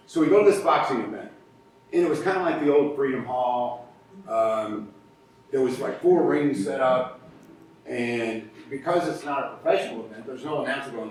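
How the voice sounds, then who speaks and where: A man speaking as a guest at a club meeting, telling lively stories and acting out the quotes. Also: moderate pace. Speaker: guest speaker, podcast co-host. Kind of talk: storytelling speech at a club meeting. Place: large meeting room. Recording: echoey room, faint rumble, far from mic.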